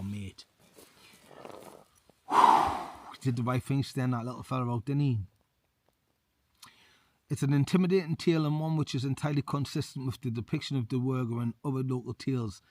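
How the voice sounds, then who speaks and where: A man, a former soldier, reads a folk tale aloud on a cold winter camp and keeps breaking off into matey chat. His voice sits at an average middle pitch. The sound is dry and close, with no echo. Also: mellow. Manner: matey, says mate a lot. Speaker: outdoor vlogger and ex-soldier. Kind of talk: reading a folk tale aloud with chatty commentary. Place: outdoors at a winter wild camp in the hills.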